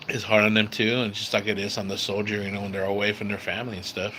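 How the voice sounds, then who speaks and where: Laid-back man, sharp voice. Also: on the low side, level tone, fast, a little hiss or hum. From San Diego, California. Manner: laid-back, says bro and dude a lot. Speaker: livestream host. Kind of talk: casual live-stream chat with viewers. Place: at home near a screen door.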